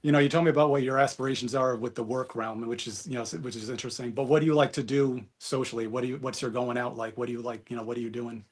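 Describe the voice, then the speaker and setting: Fast, husky-voiced man, earnest. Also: mid-range voice, fairly even intonation. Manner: earnest, lots of fillers like "you know". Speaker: dating show contestant. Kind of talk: casual chat.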